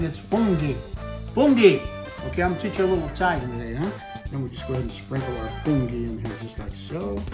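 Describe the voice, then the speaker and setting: A man with a slightly high voice hosts a cooking show, talking casually to the viewer while demonstrating a recipe and sprinkling in Italian food terms.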